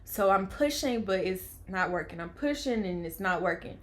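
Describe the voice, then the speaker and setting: A young woman tells her own story, casual and animated. She acts out the voices of the people around her and drops to a near whisper when she sounds worn out. Her voice sits at a middle pitch. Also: moderate pace. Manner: animated, acts out quoted lines, swings from loud to hushed. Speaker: vlogger telling her birth story.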